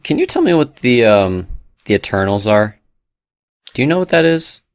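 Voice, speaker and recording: A man's voice: mid-range voice, sing-song, normal speed, clear, resonant tone, no room sound, studio quality. A young man co-hosting a podcast in casual chat, laid-back and wry. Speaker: podcast co-host.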